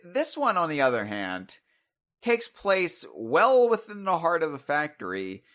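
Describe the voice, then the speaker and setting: A man's voice: mid-range voice, sharp tone. Musing male podcast host. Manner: musing, thinking aloud. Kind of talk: casual podcast chat.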